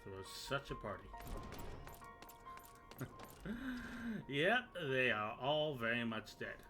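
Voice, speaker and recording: A man's voice: mid-range voice, moderate pace, music in the background. A man streaming a video game, recapping and joking in casual, rambling, sometimes profane commentary.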